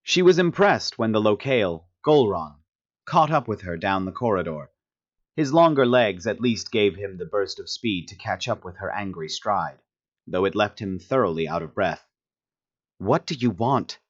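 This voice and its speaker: A man narrating a science fiction audiobook with steady storytelling. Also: on the low side, normal speed, highs cut off. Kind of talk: scripted narration of a sci-fi story.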